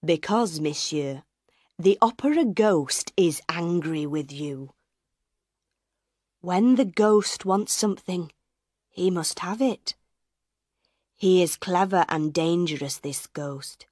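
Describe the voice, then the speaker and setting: A woman reading the part of an older woman who warns of a ghost in a hushed, sometimes whispered voice. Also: lowish voice, takes it slowly, no echo, studio quality. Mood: ominous.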